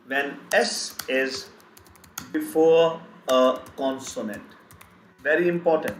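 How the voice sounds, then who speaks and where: A man teaching a live online language lesson, slowly repeating example words again and again. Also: mid-range voice, reverberant, a little hiss or hum, rough recording. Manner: slow, repetitive, drills word lists.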